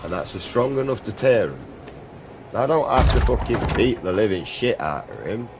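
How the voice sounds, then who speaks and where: A man's voice: lowish voice, big pitch swings, moderate pace, noisy background. A man gaming streamer chatting casually while he plays, blunt and sweary, rambling from point to point. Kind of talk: casual chat while playing a game.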